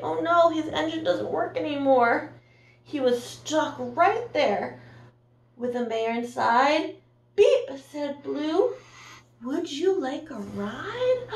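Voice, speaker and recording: A woman teacher with a high voice and some vocal fry reads a picture book aloud to her class in a warm, sing-song storytime voice, gasping and asking the children questions. She sounds roomy and far from the mic.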